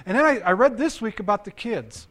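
A man's voice: high voice, fairly quick. A man preaching a sermon as pastor and counselor, reading scripture aloud, commenting on it and asking his listeners questions. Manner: animated, asks the audience questions.

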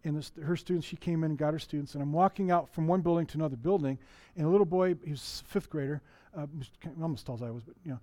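A middle-aged man serving as pastor gives a sermon in a church, talking with the congregation in a conversational way, asking them questions and frequently starting his sentences over. He speaks a little high and races along with hardly any pauses, his tone dark. There is no echo.

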